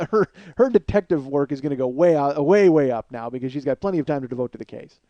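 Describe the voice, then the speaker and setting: A man hosting a podcast, telling a profane comedic story to listeners in an animated monologue. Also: fairly high pitch, quick pace, muffled recording. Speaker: podcast host.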